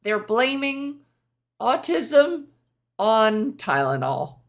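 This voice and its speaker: Gravelly, slow-talking woman host. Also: a little high, sing-song. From Canada. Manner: profane, sarcastic, rambling. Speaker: podcast host. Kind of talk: casual solo podcast rant.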